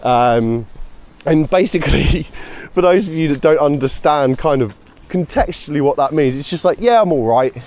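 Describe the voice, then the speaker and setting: A man's voice: on the high side, moderate pace, a little mellow. Chatty British man rambling on a walk. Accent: British English. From United Kingdom. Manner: chatty and rambling, sarcastic asides. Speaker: vlogger. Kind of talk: casual chat to camera. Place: outdoors, walking a dog.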